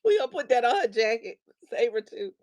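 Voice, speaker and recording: A woman's voice: on the high side, big pitch swings, brisk, a little mellow. A middle-aged woman hosting a show, casually telling a funny story and laughing often as she talks. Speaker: host.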